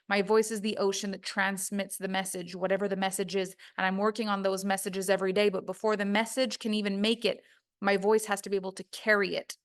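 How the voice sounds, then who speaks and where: Animated woman teaching a voice course, punchy and emphatic, acts out little quoted voices. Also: mid-range voice, a little fast. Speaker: voice coach. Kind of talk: recorded course lesson.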